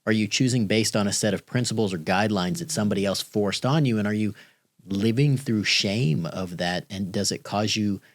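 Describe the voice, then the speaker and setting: Brief: middle-aged male host, lowish voice, dry close sound, earnest and encouraging. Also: a little fast, dry recording. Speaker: podcast host. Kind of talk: podcast conversation.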